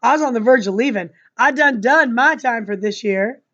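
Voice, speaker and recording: A rude, sullen schoolboy, voiced by a woman reading aloud, curt and defiant. The voice sits somewhat high. The recording is muffled. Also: moderate pace, fairly bright tone, lightly acted.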